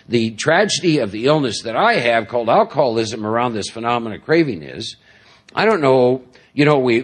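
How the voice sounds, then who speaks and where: A middle-aged man giving a talk at a recovery meeting, telling stories in a rambling, self-deprecating way with many fillers. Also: fairly low pitch. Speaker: recovery speaker. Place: large meeting hall.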